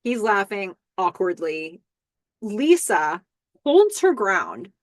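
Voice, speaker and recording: A woman talks through a TV episode for her podcast with lively, bouncing intonation. She acts out bits of dialogue with a playful, giggly delivery. The sound is dry and close, with no room around it. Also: medium pitch, slow pace, no echo. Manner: animated, giggly, reads dialogue aloud with playful voices. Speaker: podcast host recapping a TV episode. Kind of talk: casual recap narration.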